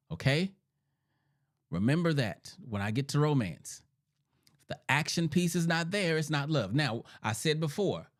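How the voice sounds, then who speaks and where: A middle-aged man talks listeners through his ideas like a teacher, his pitch swinging up and down with animation. He repeats his key points and checks in with "right?" and "okay?". He sounds a little sick, clearing his throat now and then. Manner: repetitive, emphatic, rhetorical "right?" checks. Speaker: therapist hosting a podcast. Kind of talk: teaching monologue.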